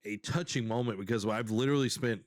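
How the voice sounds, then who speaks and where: A man's voice: medium pitch, quick pace, no room sound, studio quality. A man co-hosting a casual gaming podcast, talking in a rambling, emotional way and repeating phrases. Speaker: podcast co-host.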